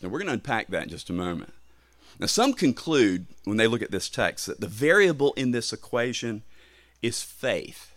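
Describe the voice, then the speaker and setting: A man preaching a sermon, emphatic, with swells in pitch and volume on key phrases. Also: sing-song, normal speed, no echo.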